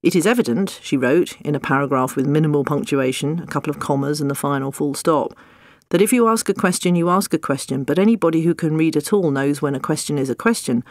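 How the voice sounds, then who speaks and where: With dry, wry wit, a fast-talking narrator reads a comic nonfiction audiobook. The voice is mid-pitched and recorded close and dry, with no echo or room sound.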